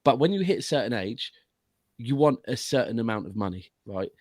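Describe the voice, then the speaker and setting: A man's voice: medium pitch, big pitch swings, a little fast, darkish tone, no room sound. Man explaining football in long runs. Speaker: guest pundit. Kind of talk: casual football analysis.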